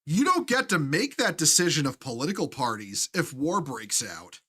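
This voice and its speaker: A man's voice: fairly high pitch, big pitch swings, bright, forceful tone, slightly rough. A man hosting a live stream, ranting with heavy profanity and frequent restarts. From United States. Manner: profane, heated, halting restarts.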